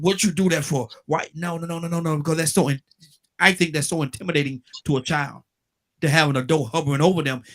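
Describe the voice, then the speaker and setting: An older man hosts a call-in radio show, talking earnestly and circling back over his words. He often drops to a hushed, calm tone to make a point. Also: medium pitch.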